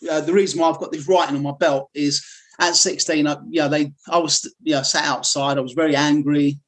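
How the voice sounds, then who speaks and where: A man's voice: on the high side, fairly even intonation, fairly quick. A middle-aged man, a martial arts instructor, telling his life story candidly in an interview, rambling with frequent fillers and restarts. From United Kingdom.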